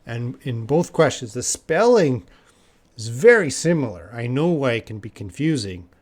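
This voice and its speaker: A man's voice: medium pitch, big pitch swings, moderate pace, darkish tone. A Canadian man teaching English in a live online lesson, answering viewers' questions and repeating key words for learners. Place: living in Korea.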